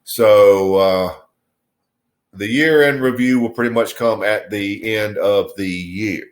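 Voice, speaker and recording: A man casually reviewing a cigar on his video channel, in a relaxed, musing way with many fillers. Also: fairly low pitch, slow.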